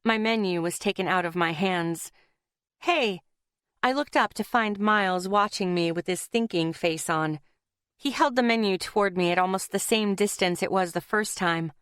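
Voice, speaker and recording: A woman narrating a first-person fantasy audiobook in a steady, even way. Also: medium pitch, moderate pace, smooth, no echo, studio quality.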